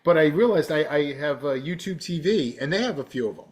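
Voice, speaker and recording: A man, co-hosting a podcast in casual, excitable chat, sometimes talking with his mouth full. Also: on the high side, fairly quick. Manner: chatty, excitable, talks while eating candy. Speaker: podcast co-host.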